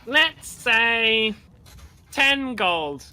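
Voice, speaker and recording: A man's voice: very high-pitched, lively intonation, very slow, sharp tone, clear, resonant tone, pitched above the performer's own voice, heavily acted. A man voicing a strong, good-humored male adventurer who wields a great axe, speaking in a hearty, matter-of-fact way.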